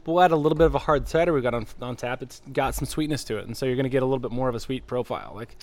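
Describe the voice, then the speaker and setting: Fast-talking man explaining brewing. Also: mid-range voice, darkish tone. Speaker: podcast co-host, brewer. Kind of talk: casual chat.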